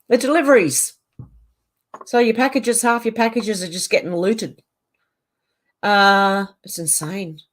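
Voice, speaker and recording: A middle-aged Australian woman chatting casually from her home on a livestream, reading out and answering viewer comments. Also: medium pitch. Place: home on a mountain.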